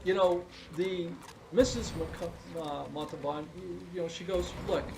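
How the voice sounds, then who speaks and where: Blunt, high-voiced man ranting a review. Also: fairly even intonation, a little slow, creaky, background noise. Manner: blunt, emphatic, profane, repeats himself. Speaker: streamer reviewing a TV show.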